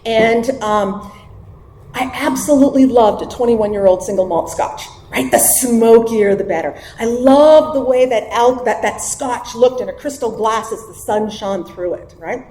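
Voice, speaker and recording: A woman's voice: a little high, unhurried, warm tone, a little hiss or hum. Wry woman speaking in an echoey room. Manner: conversational and wry, keeps checking in with "right?". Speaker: guest speaker sharing her recovery story. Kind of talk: personal testimony at a recovery meeting.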